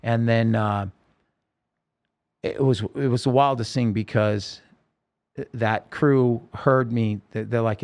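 Gravelly man telling an emotional story. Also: fairly low pitch, steady tone, darkish tone. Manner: emotional, halting storytelling with many restarts. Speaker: podcast guest. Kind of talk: telling a personal story in a podcast interview.

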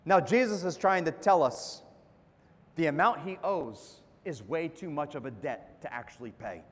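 A man's voice: a little high, expressive, normal speed. A man preaching a sermon as pastor, with emphatic dips and rises and calls for an amen. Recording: long hall reverb.

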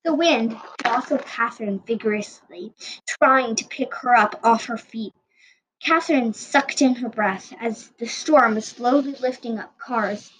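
A woman's voice: on the high side, measured pace, a bit bright, slight background noise. Woman reading a storybook aloud. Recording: dull lo-fi recording.

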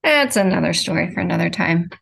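A woman's voice: fairly low pitch, expressive, fast talker, creaky, a bit bright, breathy edge. A woman co-hosting a podcast, chatting casually and trailing off with fillers. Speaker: podcast co-host. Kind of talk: casual chat.

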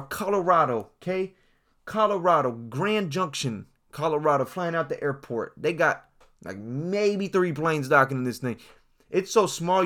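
A man's voice: fairly high pitch, a bit bright. A young man delivering a swaggering, mock-serious comedic monologue, talking straight to his audience. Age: young adult. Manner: hyped, swaggering, addresses the audience directly. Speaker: comedic speaker.

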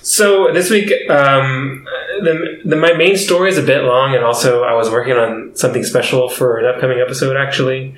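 A man's voice: mid-range voice, steady tone, moderate pace, few pauses, slight background noise. Man, podcast host, casual storytelling, frequent laughter, echoey room. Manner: laughs often, rambling with fillers. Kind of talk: casual comedic podcast chat.

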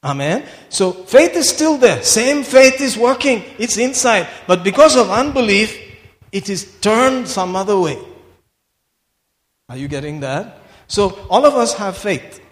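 A man preaching a sermon, swinging from quiet asides to shouted declarations. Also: high-pitched. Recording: long hall reverb.

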